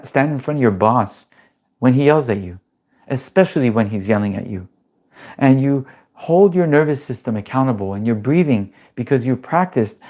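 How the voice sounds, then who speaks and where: This medium-pitched man runs a live-streamed class on calming the nervous system. His delivery is emphatic and blunt, laced with casual swearing, and he keeps posing questions to his audience.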